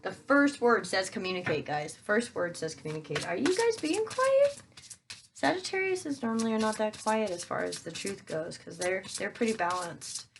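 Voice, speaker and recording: A woman's voice: medium pitch, expressive, brisk, hardly any pauses, a little hiss or hum. Chatty woman reading tarot. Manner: chatty, addresses viewers as guys, thinks aloud with fillers. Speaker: tarot reader. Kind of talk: casual tarot reading for viewers.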